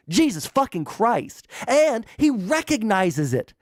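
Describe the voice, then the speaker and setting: A man's voice: fairly high pitch, expressive, normal speed, dry recording, clean studio sound. A man streaming political commentary, ranting in a heated, profane way and laughing at himself between outbursts. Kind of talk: livestream commentary.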